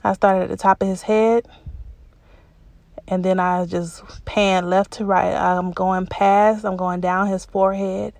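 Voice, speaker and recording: A woman's voice: mid-range voice, vocal fry, darkish tone, no echo. A woman candidly telling a personal story in casual, colloquial speech, emotional at times and drawn out with repetition. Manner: colloquial, says y'all.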